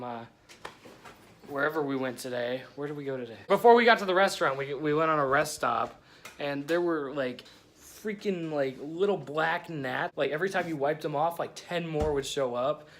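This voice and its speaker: A man's voice: on the high side, moderate pace, fairly bright tone. A young man narrating a casual travel vlog from a hotel room, telling rambling, jokey stories. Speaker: vlogger.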